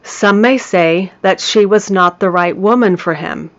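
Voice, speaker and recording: A woman hosting a self-help talk, speaking in a slow, deliberate and measured way. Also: medium pitch, muffled recording. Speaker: hypnotherapist and podcast host.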